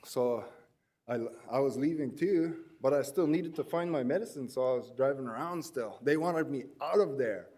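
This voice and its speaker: A man's voice: medium pitch, normal speed, darkish tone, slightly rough. A man presenting at an education forum, telling rambling, self-deprecating anecdotes with many restarts. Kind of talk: anecdotal storytelling talk.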